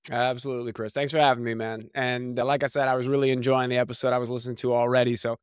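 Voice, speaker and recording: A man from New Jersey, a guest on a podcast who coaches and mentors people. He tells his story in a lively, conversational way, often slipping into mock voices. His voice sits at a middle pitch and is recorded dry and close. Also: rapid-fire, clear, resonant tone, dry recording. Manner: animated, slips into mock voices.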